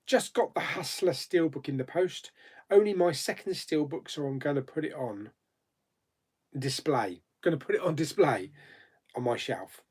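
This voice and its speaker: A man's voice: on the high side, lively intonation, normal speed, a little mellow, slightly rough. A man hosting a casual live chat, reading viewer comments aloud and answering them with frequent laughs. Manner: chatty, laughs often, reads comments aloud then answers. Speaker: YouTube host.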